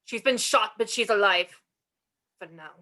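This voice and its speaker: A woman's voice: high-pitched, animated, moderate pace, fairly bright tone. A woman reading the part of a cornered young German sergeant in an amateur script reading, tense and suspicious. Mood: wary.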